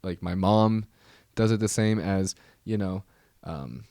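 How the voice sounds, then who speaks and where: A man's voice: deep voice, slow pace, warm tone, dry recording, studio quality. A man hosting a casual solo podcast, rambling, with many restarts and trailing fillers. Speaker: podcast host.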